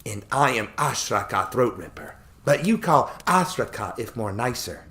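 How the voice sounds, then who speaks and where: A man voicing an earnest female orc envoy who speaks slow, halting, broken English with a thick accent. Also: mid-range voice, very animated, bright, forceful tone, voice pushed up. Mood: formal, earnest.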